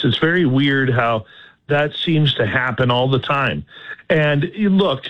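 A male podcast host talking in an earnest, emphatic way and posing questions. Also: mid-range voice. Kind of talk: casual conversation. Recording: slightly dull audio.

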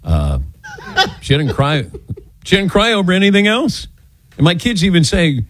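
An older man hosts a call-in radio show from a studio mic, his voice lively and swinging up and down in pitch as he acts out quoted lines. The sound is close and dry, with no room around it. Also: moderate pace, long pauses, no echo. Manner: animated storyteller, acting out quotes.

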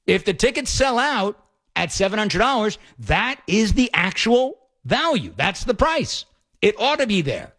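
An opinionated male talk radio host with a notably high voice. He argues emphatically and piles up quick asides. He speaks to listeners in a direct commentary style. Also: very animated, fairly bright tone.

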